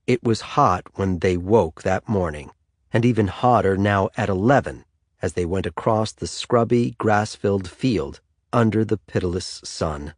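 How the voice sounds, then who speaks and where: A male audiobook narrator with a lowish voice and a lively, expressive, rising and falling reading. Close, dry studio sound. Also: dry recording. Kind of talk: scripted third-person narration.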